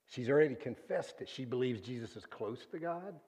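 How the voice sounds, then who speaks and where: A man preaching a sermon, earnest and deliberate, often sinking to a hushed low voice on key words. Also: animated, slightly rough.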